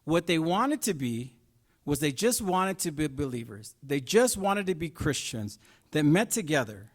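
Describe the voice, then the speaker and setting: A middle-aged man preaching a sermon, asking rhetorical questions and moving between quiet asides and loud stressed points. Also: on the high side, big pitch swings, unhurried.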